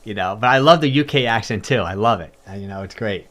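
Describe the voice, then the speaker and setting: A man's voice: on the low side, quick pace, a bit bright. Chatty upbeat male fitness coach. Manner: chatty and upbeat, many fillers and repeats. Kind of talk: casual livestream talk, answering viewer comments.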